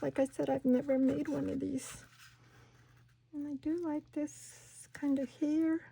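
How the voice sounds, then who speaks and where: A woman hosting a casual crafting tutorial at home, chatting and talking herself through each step, sometimes dropping to a soft whisper. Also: high voice, little pitch movement, unhurried, vocal fry. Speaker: craft channel host.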